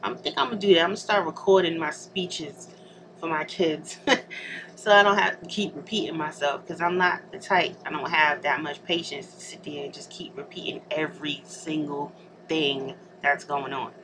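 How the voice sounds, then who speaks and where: A woman's voice: sits low, fairly even intonation, moderate pace. A young adult woman vlogging casually while she gets ready at home, rambling and laughing often. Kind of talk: casual chat to camera. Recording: noticeable background hiss.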